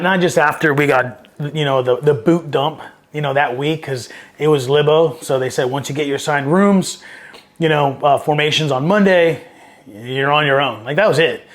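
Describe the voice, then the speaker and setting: Profane, rambling male Marine veteran. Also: a little high. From Southern California. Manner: profane, rambling, animated when quoting others. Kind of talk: casual storytelling interview.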